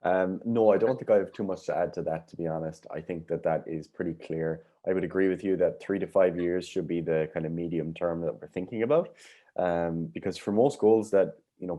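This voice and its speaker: Deep, mellow male co-host. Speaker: podcast co-host. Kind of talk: casual podcast chat.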